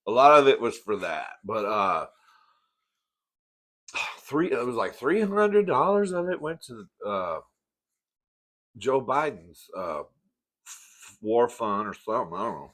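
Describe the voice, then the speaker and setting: A mukbang host chats casually to camera between bites, campy and talkative, calling his viewers "girl." His medium-pitched, slightly bright voice swings widely in pitch, and he speaks slowly with long pauses, eating between sentences.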